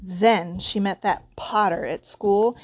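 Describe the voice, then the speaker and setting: Aunt Petunia, a woman doing a shrill ranting aunt. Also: fairly even intonation, slow pace, dry recording. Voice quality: shrill, loud.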